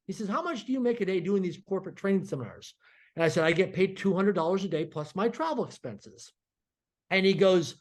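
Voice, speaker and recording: Fast-talking man telling a lively story. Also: high-pitched. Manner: animated, acts out dialogue in quotes. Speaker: podcast guest. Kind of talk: energetic storytelling.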